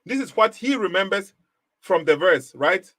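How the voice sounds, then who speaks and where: Fairly high-voiced man firing rhetorical questions. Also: lively intonation, normal speed, fairly bright tone, no echo. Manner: rhetorical questions, emphatic and repetitive; frequent short laughs. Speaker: livestream host. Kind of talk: live apologetics commentary.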